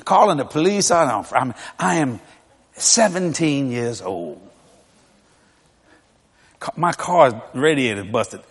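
Older preacher man, high voice bouncing all over, folksy funny stories, laughs a lot, long hall echo. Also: slow pace, long pauses, slightly rough. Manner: animated, folksy, laughing through his stories. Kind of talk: humorous storytelling sermon.

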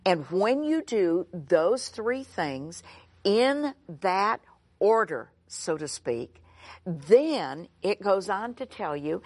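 A woman's voice: mid-range voice, big pitch swings, slow, dry recording. A woman giving an earnest sermon-style Bible teaching, emphatic and repeating her key phrases.

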